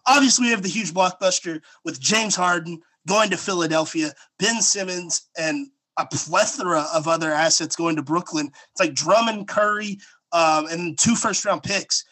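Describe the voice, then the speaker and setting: A young man with a fairly high, husky voice talks basketball in a loose, rambling way. He gets excitable and leans on "like" and "uh" as he goes, casual podcast chatter. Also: moderate pace, low-quality recording. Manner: rambling, excitable, lots of fillers and likes. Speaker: sports podcast co-host. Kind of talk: casual sports talk.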